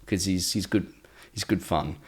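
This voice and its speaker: A man's voice: low voice, moderate pace, a little mellow, breathy edge. Young guy, cheeky co-host, banter-heavy. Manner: teasing, joking banter. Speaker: podcast co-host. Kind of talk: casual chat.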